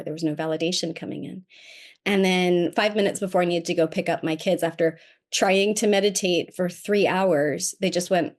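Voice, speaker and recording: Animated woman telling a personal story. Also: on the low side. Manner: animated and self-mocking, acting out quoted voices. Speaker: podcast guest.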